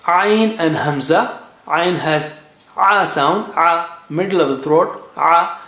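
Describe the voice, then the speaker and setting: A man teaching tajweed, slowly repeating each letter sound and checking in with "okay" as he drills pronunciation. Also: fairly high pitch, a bit bright. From India. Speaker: Quran recitation teacher. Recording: echoey room.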